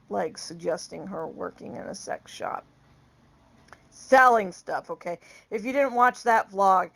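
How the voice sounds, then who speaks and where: A woman's voice: medium pitch, fairly bright tone. A middle-aged woman vlogging, telling a story in a blunt, exasperated, outspoken way. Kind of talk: casual storytelling vlog.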